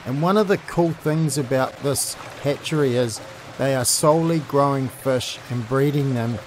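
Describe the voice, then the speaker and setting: A man, hosting a fishing show and giving a steady, informative scripted voice-over. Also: mid-range voice, a little hiss or hum.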